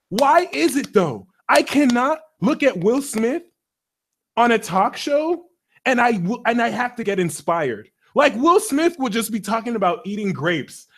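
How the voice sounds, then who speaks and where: A man hosting a live astrology stream, ranting theatrically and profanely, swinging from mumbles to loud outbursts. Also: extremely high pitch. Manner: profane, slangy. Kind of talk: animated rant on a live stream.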